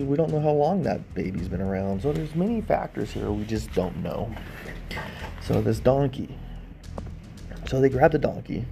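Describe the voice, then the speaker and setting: A man's voice: lowish voice, creaky, warm tone, a little hiss or hum. A man giving sarcastic, casual commentary on a bible story, thinking aloud and asking wry questions.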